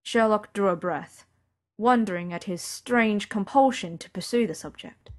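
A woman narrating an audiobook in a quiet, even, intimate manner. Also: mid-range voice, normal speed.

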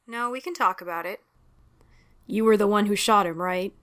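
A woman voicing a weary male detective inspector in a storybook reading, talking dryly and then quietly and evenly when angry. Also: medium pitch, moderate pace, lightly acted. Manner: dry, then quietly cold and even.

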